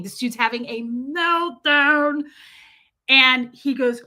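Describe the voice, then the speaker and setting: A woman with a bright, fairly high voice tells a story to her stream viewers. She is animated and often laughs, and she swears casually as she goes. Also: slow. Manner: animated, laughing, lots of profanity.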